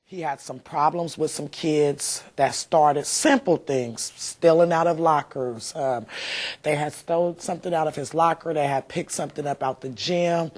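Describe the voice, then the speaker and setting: This woman's low-pitched voice has a darkish tone and moves at normal speed. Interviewed as a mother, she recounts her memories with deep feeling, wandering and filling her speech with fillers.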